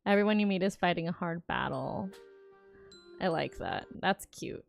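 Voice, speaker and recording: A woman's voice: fairly low pitch, animated, normal speed, vocal fry, faint music behind. A young adult woman streamer gives a casual, enthusiastic reaction to a games showcase and muses aloud as she goes.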